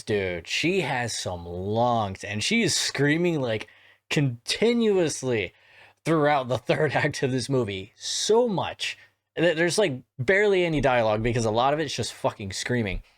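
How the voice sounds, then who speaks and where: Young southern guy from georgia, faint twang, rambling casual podcast talk, mid-pitched. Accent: light Southern American, mostly neutral. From South Georgia, USA. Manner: chatty, swears casually, frequent restarts and laughs. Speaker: podcast host. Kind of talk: casual horror movie podcast monologue.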